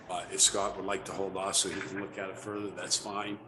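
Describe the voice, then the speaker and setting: A man's voice: low-pitched, little pitch movement, brisk, crowd noise. A man serving as a selectman at a town board meeting, speaking in a plain, conversational way. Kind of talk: public meeting discussion. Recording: echoey meeting room with noise.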